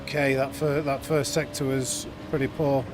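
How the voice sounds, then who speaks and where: A man's voice: mid-range voice, level tone, normal speed, background noise. Chatty man streaming. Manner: chatty, reads chat aloud, frequent restarts and fillers. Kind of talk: casual live-stream chat.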